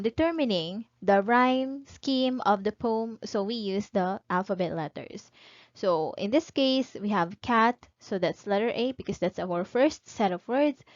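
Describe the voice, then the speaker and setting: Woman teacher, slow careful delivery, somewhat high voice, dull dry recording. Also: dry recording. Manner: asks questions to absent students and answers them herself; drawn-out, careful reading of examples. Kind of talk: recorded online lecture.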